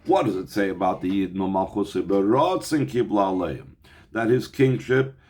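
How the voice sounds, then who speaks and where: A man's voice: medium pitch, a little mellow. A man teaching a text study class, reading Hebrew passages aloud and explaining them in English, often restarting and repeating words as he thinks. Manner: reads Hebrew lines then explains in English with Yiddish terms. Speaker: Torah teacher.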